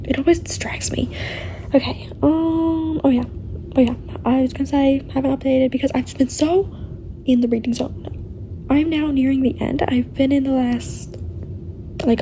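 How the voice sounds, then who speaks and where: Young woman, high mellow voice, casual book vlogger, chatty, whispers a lot, faint room noise. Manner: chatty and animated, often dropping to a whisper and laughing. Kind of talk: casual reading vlog. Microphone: camera facing the speaker.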